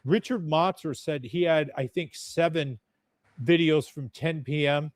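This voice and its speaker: A man's voice: fairly high pitch, unhurried, dry recording, studio quality. A man telling a story as a podcast guest in a blunt, chatty, profane way. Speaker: podcast guest, UFO videographer. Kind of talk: casual storytelling.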